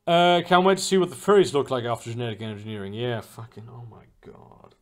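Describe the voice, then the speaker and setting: A man's voice: mid-range voice, animated, brisk. A young man chatting casually on a livestream, answering viewers' questions and rambling with lots of fillers, restarts and swearing. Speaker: streamer answering chat.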